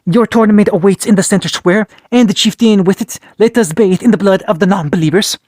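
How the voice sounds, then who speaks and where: A man's voice: sits high, fairly quick, darkish tone, no echo, clean studio sound. A man voicing a zealous, over-polite male cult devotee who worships the hero, in a fan fiction story read aloud. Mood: fawning.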